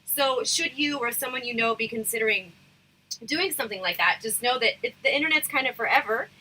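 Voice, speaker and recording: A woman hosting a casual livestream chat, talking frankly and rambling with lots of fillers, her voice going hoarse. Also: on the high side, brisk, pushed and bright, low-quality recording. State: losing her voice, throat irritated. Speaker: livestream host.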